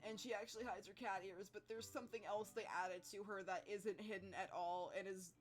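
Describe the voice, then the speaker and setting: A woman's voice: medium pitch, fairly even intonation, fairly quick. A woman streaming a visual novel, reacting and joking in live commentary.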